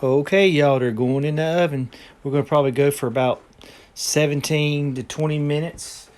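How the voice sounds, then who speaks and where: A man's voice: on the high side, steady tone, moderate pace, darkish tone. A man, talking casually and folksily while demonstrating cooking in his home kitchen. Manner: folksy, rambling, frequent ums. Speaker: home cooking channel host.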